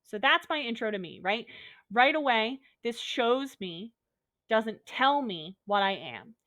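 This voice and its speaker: A woman's voice: fairly high pitch, lively intonation, a little slow, a bit bright, no room sound. A woman teacher giving a recorded online lesson, upbeat and a little goofy, talking students through examples step by step.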